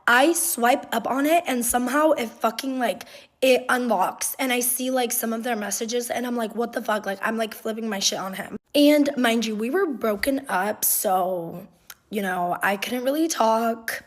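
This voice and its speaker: A woman's voice: fairly high pitch, normal speed. A young adult woman telling a story from her own life in a casual vlog, with lots of swearing and constant fillers. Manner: animated, profane, fillers "like" constantly.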